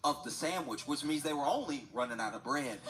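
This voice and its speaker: A man with a slightly high voice chats casually on an art livestream, rambling through a story and laughing often. He repeats himself as he goes, and a steady background noise sits under the recording. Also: brisk. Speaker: livestreaming artist.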